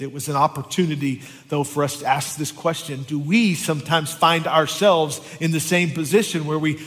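Man, pastor, sermon, emphatic scripture reading, fairly high voice, long hall reverb. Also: fairly bright tone. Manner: preaching, reading scripture aloud with emphatic rises. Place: church sanctuary.

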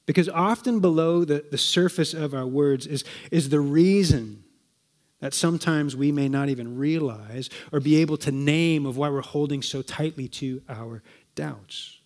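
Conversational preacher, higher-pitched man. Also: unhurried, darkish tone. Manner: conversational, with rhetorical questions and repetitions. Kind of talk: sermon.

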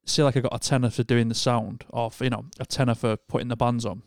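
A man's voice: mid-range voice, little pitch movement, quick pace, no room sound, clean studio sound. A man, co-hosting a podcast and telling a long story in casual chat, with lots of restarts. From Northern England. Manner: rambling storyteller with many restarts. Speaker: podcast co-host.

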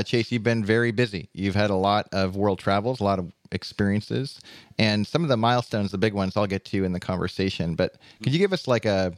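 A man's voice: on the low side, dry recording, studio quality. A middle-aged man hosting an interview podcast, introducing his guest in an earnest, reflective way. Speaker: podcast host.

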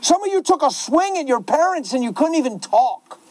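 A man's voice: extremely high pitch, very animated, a little fast, crowd noise, poor audio. A man pastor answering questions in a passionate, emotional preaching style.

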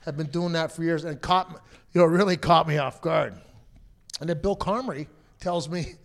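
A middle-aged man tells a story as a guest, in a voice pitched a little higher than most men's. He talks in a lively, animated way and acts out the people he quotes. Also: normal speed, vocal fry. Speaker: guest, father of a pro hockey player. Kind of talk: casual storytelling.

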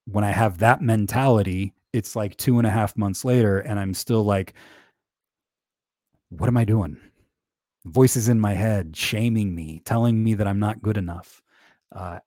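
On a dry, studio-quality recording, a podcast host with a lowish, darkish voice talks casually about faith. His tone is candid and self-mocking, full of chuckles, fillers, and restarted sentences.

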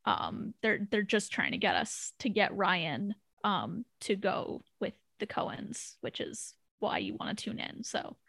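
A woman with a middle-pitched voice gives opinionated, casual analysis on a podcast. She talks in quick bursts, and her voice sounds close and dry, with no room sound. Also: sing-song, gravelly, fairly bright tone, slightly rough, no room sound. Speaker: podcast co-host. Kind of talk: casual chat analyzing a TV pilot.

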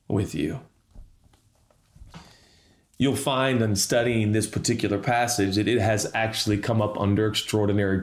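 A man preaching a sermon as lead pastor, emphatic and building to impassioned appeals. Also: medium pitch. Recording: roomy echo.

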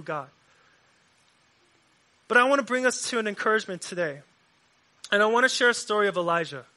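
A high-voiced man preaches, repeating lines for emphasis and shifting between forceful delivery and hushed, almost whispered passages.

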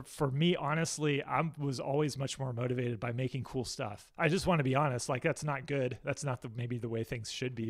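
Candid, chatty man in an interview. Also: a little high. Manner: candid, self-deprecating, chatty with many restarts. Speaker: guest. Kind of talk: casual interview.

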